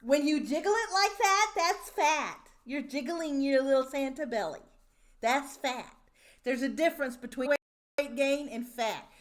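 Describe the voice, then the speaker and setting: A woman streamer in a casual, profane rant, mocking and exasperated as she reacts to a clip. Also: sits high.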